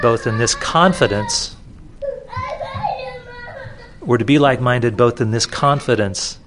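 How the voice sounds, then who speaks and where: A man delivers a sermon from the pulpit in an easy, conversational manner. His voice sits at an ordinary middle pitch, and he restarts phrases and repeats key words to drive a point home. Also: slight background noise. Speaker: pastor. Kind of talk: expository sermon.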